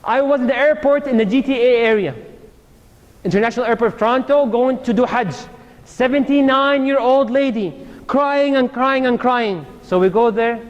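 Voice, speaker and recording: A man's voice: very high-pitched, moderate pace, muffled recording. A man giving a casual, joking sermon straight to a live crowd in a hall. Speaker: Islamic lecturer. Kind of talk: lively sermon to a live audience. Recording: long hall reverb.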